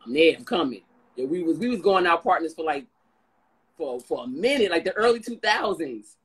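Husky-voiced woman telling stories, slangy. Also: on the low side, normal speed, low-quality recording. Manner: animated, slangy storytelling. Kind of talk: casual chat.

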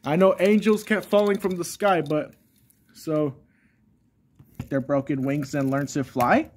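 A man's voice: a little high, fairly even intonation, unhurried. A man voicing a preachy father who lectures his son and keeps calling him "son.". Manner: repeats "son" constantly, lecturing.

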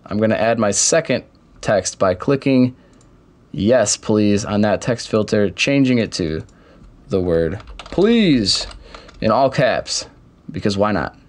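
A young man casually walking through software steps in a screen-recorded tutorial, with keyboard typing behind him. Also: on the low side, animated, slow pace. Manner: step-by-step, casual explaining. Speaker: tutorial host.

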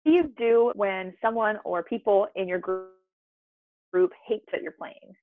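A woman's voice: mid-range voice, normal speed, dry recording, faint music behind. A woman moderating a session, plainly reading out audience questions. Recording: dry, tinny phone-like line.

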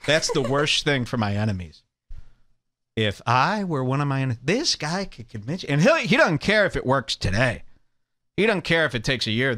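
A man's voice: medium pitch, sharp tone. Brash, sarcastic man ranting. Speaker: podcast host. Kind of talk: provocative comedic rant.

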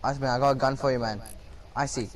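A man's voice: mid-range voice, fairly even intonation, fast talker, over a noisy crowd. A man in game voice chat, teasing along in mock Australian slang. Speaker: fellow player in voice chat. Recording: loud background noise over voice chat.

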